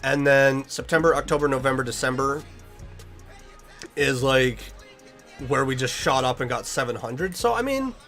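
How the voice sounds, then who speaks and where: A man's voice: mid-range voice, animated, normal speed, pauses often, a bit bright, soft background music. A young man chatting casually on a livestream about goals, earnest and emotional, rambling with restarts. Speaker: streamer.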